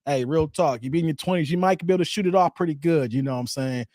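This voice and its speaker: A man's voice: fairly high pitch, fast, darkish tone, no room sound, clean studio sound. A man, chatting casually with viewers, laughing often and repeating "hey, man" in playful banter. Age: 40s. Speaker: YouTube host. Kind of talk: casual live-stream chat reading viewer comments.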